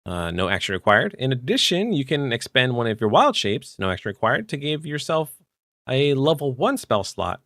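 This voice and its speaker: A man co-hosting a podcast, chatting casually about tabletop game rules with relaxed fillers. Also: mid-range voice, normal speed, dry recording, studio quality. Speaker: podcast co-host.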